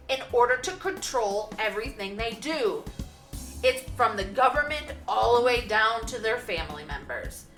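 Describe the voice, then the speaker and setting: A woman's voice: on the high side, expressive, normal speed, fairly bright tone, echoey room, faint music behind. A woman co-hosting a podcast, chatting casually in a blunt, emphatic way. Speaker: podcast co-host. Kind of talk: casual chat.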